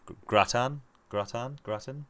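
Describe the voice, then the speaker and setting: A young man chatting casually while gaming with friends, swearing freely and rambling through animated stories. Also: mid-range voice, measured pace. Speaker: gamer playing with friends over voice chat.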